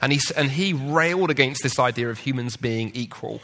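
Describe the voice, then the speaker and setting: A man's voice: medium pitch, a little fast. A man on a debate panel, arguing his point and telling stories with acted-out voices. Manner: animated storyteller, acts out quoted voices. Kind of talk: public debate talk. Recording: long hall reverb.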